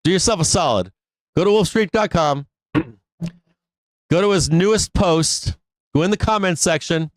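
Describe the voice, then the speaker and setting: Sarcasm and frequent swearing fill this casual rant from a middle-aged man running a live trading stream. His voice sits high and sounds animated, at a moderate pace broken by long pauses, in a dry recording.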